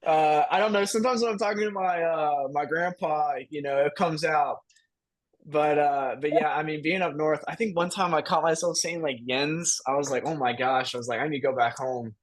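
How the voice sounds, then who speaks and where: A man's voice: on the high side, a little fast. A young college man from South Carolina answering interview questions politely and easily, with many ums and uhs, over a video call from home. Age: young adult. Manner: polite and easygoing, lots of filler words. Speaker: podcast guest, college student. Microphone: remote video call from home.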